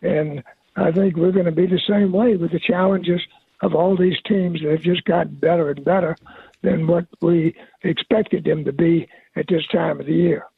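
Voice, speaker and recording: Coach on a phone line, raspy, dry, halting. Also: male voice, on the high side, steady tone, no echo. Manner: halting, lots of "uh" pauses. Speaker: football coach guest. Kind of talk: phone-in sports interview. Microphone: telephone.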